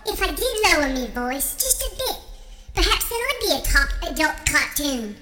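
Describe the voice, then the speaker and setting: A performer voicing a snarky puppet character with a squeaky, put-on British accent. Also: very animated, moderate pace, roomy sound, over loud music. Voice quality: squeaky, very high. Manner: snarky, cheeky.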